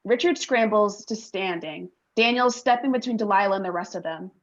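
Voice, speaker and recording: A woman reading stage directions aloud in a play reading, tense and measured. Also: mid-range voice, highs cut off.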